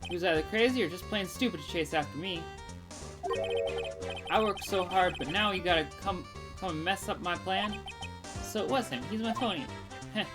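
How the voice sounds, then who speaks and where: A woman voicing a gruff, menacing male loan-shark boss who blusters threats, with game music behind. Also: lowish voice, moderate pace, long pauses, natural voice.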